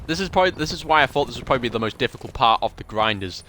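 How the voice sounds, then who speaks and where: A man's voice: mid-range voice, lively intonation, very fast, noisy background. A young man rambling and joking about himself as he chats casually to viewers while streaming a shooter game. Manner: rambling, chatty, self-deprecating. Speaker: gaming streamer. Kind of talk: casual live-stream commentary while playing.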